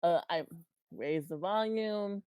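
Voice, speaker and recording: A woman's voice: lowish voice, takes it slowly, dark tone, clean tone, dry recording. A woman on a casual panel discussion who laughs often and reads out chat messages. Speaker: panel guest reading chat.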